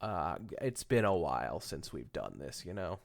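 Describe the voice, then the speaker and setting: Man, podcast host, reading fan fiction aloud, joking asides, stumbles over words, low voice, lively pitch. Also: normal speed, creaky. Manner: joking, stumbles and corrects himself while reading.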